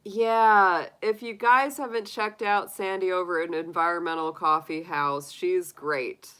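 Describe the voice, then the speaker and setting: A woman's voice: fairly low pitch, steady tone, a little slow, pushed and bright, clean tone, poor audio. A woman hosting a tarot live stream, chatting casually with viewers, laughing often and acting out little quotes.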